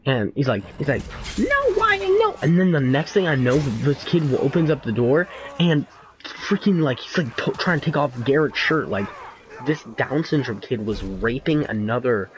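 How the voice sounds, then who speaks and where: A teenage boy chatting over a video game, his voice sitting at an ordinary middle pitch. He rambles, restarts sentences and fills gaps with "like" and "uh". He speaks in crude, casual slang, with a faint hiss of noise underneath. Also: normal speed. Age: teens. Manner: rambling, many fillers and restarts; crude slang, laughs often. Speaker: gaming YouTuber. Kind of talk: casual gameplay commentary with storytelling.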